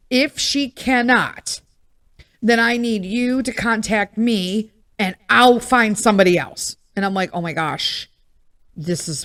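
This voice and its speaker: Foul-mouthed woman telling a story. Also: mid-range voice. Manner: animated, profane storytelling with frequent asides to listeners. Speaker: podcast host. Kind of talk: casual monologue.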